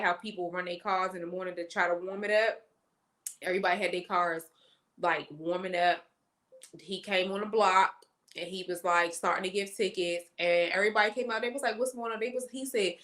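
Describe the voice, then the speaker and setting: A woman co-host in casual chat, telling a story with lively quoted voices. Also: mid-range voice, brisk.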